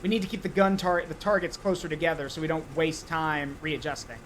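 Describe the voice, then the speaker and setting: Man, streamer, fairly high voice, thinks aloud, frantic under pressure, music behind. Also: fairly even intonation, a little fast, rough recording. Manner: talks himself through the steps, gets frantic and swears under pressure. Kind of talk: live gameplay commentary.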